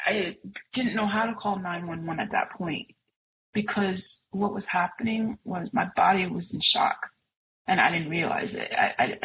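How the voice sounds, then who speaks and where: A woman's voice: fairly low pitch, gravelly, a bit bright, slight background noise, poor audio. A middle-aged woman sharing a personal story as a guest, speaking earnestly and emotionally with many fillers. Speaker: podcast guest.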